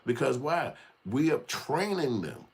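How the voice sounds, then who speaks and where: A channel host with a husky, medium-pitched voice delivers an unscripted rant, unhurried but very animated. His commentary is blunt and heated, he curses freely, and he acts out other people's voices.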